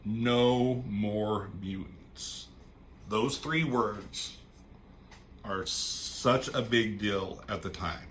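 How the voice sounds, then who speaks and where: A man chats casually about a comic storyline, rambling and excited, with casual swearing. His voice is bright and forward, and a faint hum of ambience sits underneath. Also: mid-range voice. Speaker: comic book reviewer. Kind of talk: casual chat.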